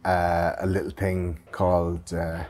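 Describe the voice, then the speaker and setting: A man's voice: sits low, completely flat delivery, slow, darkish tone, slight background noise. A man hosting a podcast, chatting loosely with sarcastic jokes and swearing. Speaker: podcast host. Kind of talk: casual podcast chat.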